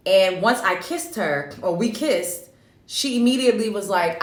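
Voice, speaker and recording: A woman, hosting her show and telling a dream story in a chatty, animated way. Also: medium pitch, normal speed. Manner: animated, chatty, lots of fillers. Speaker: show host. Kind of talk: casual storytelling about a dream. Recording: echoey room.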